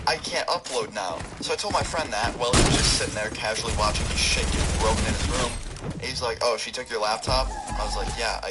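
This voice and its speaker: A young man casually telling a personal story for his video channel, rambling and swearing, with lots of "like" fillers. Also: on the low side. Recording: loud background noise.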